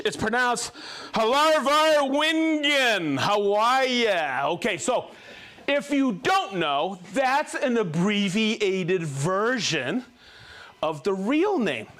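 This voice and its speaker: A man's voice: high voice, fairly bright tone. A man hosting a live show, reading out viewers' names and hometowns in a jokey, upbeat way. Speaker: livestream host.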